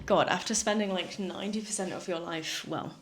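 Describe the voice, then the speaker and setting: A woman's voice: fairly low pitch, brisk, slight background noise. Woman in her 30s, vlogger, chatty, giggly, self-deprecating, casual storytelling.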